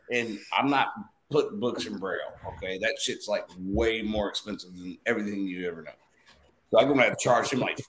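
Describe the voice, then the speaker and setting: A man telling a story in casual podcast chat, animated and profane, repeating himself for emphasis. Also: on the low side, roomy sound.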